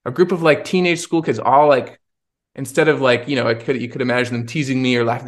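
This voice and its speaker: A man's voice: medium pitch, fairly even intonation, fast talker. A man hosting a podcast who tells a personal story in an earnest, searching way, often restarting his sentences. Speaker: podcast host. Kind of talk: reflective personal storytelling in conversation.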